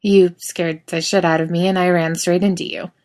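A woman's voice: lowish voice, little pitch movement, moderate pace, darkish tone, close to an everyday voice. A woman voicing a startled, awkward young man in a spoken story.

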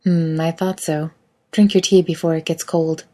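A woman plays a self-assured woman who teases gently and keeps the upper hand. Her voice sits low and husky, mellow in tone, and her lines come calm and lightly commanding. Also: moderate pace. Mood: teasing.

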